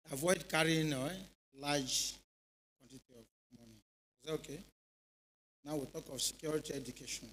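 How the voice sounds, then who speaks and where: A man's voice: on the high side, rough recording. A middle-aged Nigerian man, a former police officer, telling stories to a youth audience and often checking that they are following. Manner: animated storytelling, keeps checking in with listeners. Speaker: retired police officer speaking at a youth event. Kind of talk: informal speech to a youth audience. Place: church hall.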